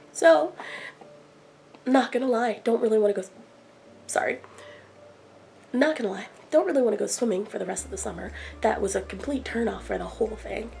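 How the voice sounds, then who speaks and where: Exasperated woman ranting with gravelly voice. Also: a little high, low-quality recording. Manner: exasperated, animated retelling with acted quotes. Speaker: vlogger. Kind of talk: casual storytelling rant.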